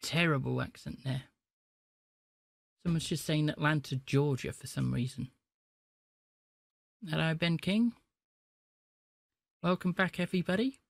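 A man's voice: fairly high pitch, measured pace, creaky, long pauses, no room sound, studio quality. A man live-streaming, chatting to viewers and prank-calling scammers. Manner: chatty, talks to chat between calls.

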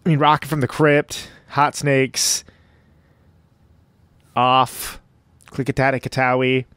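A man's voice: mid-range voice, flat delivery, slow pace, a bit bright, clean tone, no echo. A man hosting a podcast, talking loosely through his intro with rambling, self-mocking asides from home. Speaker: podcast host. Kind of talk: casual podcast intro monologue.

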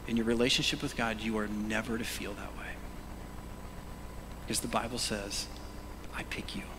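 A middle-aged male pastor preaching a sermon, animated, moving between loud calls and hushed whispers and prompting the congregation to say words aloud. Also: on the low side, moderate pace, noisy background. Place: church sanctuary. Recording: long church reverb.

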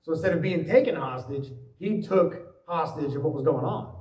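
A pastor delivers an animated sermon in a somewhat high voice. He slips into worried voices as he tells his stories. The sound is roomy and echoey, picked up from a distance in a church hall. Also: moderate pace. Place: church sanctuary.

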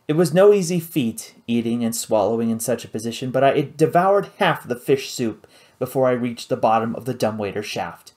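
A man narrating a novel as an audiobook, in an expressive storytelling manner. His pitch is lively and moves freely through the lines. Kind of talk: scripted narration.

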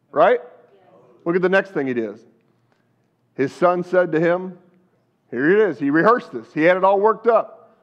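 A male pastor preaches a sermon in a notably high voice. He tells the story with animation and keeps turning to the congregation with questions. The recording sounds muffled. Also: lively intonation, unhurried, pauses often.

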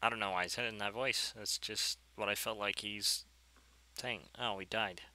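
A man chatting casually over his gameplay, rambling and easily excited. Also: fairly low pitch, normal speed, poor audio. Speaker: gameplay video creator.

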